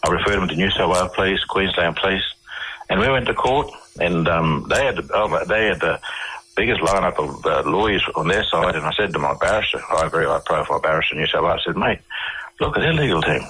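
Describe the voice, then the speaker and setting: Guest: Australian man, low and bright-edged, husky, rambling restarts. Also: fast talker, rough recording. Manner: rambling, repeats and restarts words. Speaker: interview guest. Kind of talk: conversational storytelling.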